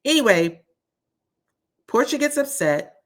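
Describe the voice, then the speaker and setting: A woman's voice: high-pitched, very animated, a little slow. A woman recapping a reality TV episode in a chatty, opinionated way, talking straight to her viewers. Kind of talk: casual recap vlog.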